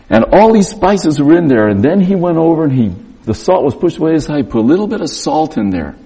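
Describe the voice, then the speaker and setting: Middle-aged guy preaching, tells stories all animated, bit husky. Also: medium pitch, fairly quick. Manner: animated storyteller acting out dialogue. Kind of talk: storytelling sermon.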